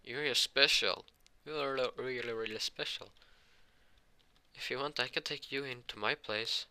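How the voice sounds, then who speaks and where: A man voicing a kind, gentle male stranger who speaks reassuringly in casual fan storytelling. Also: lowish voice, quick pace, vocal fry, voice pushed up, heavily acted. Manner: soft, reassuring.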